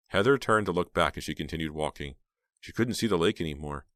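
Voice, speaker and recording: A man narrating an audiobook in a steady, measured reading style. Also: low voice, no echo, clean studio sound. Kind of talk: scripted narration.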